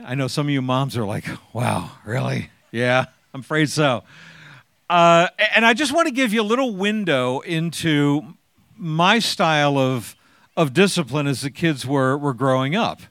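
A man's voice: on the high side, expressive, moderate pace, a bit bright, clear, resonant tone, dry recording. A man in his sixties sharing his personal testimony with an audience, as a chatty, joking storyteller who acts out the lines he quotes.

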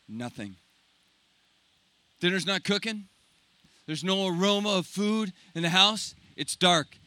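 A man preaching, retelling a scripture story dramatically, swinging between loud and hushed. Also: high-pitched, dry recording. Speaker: pastor.

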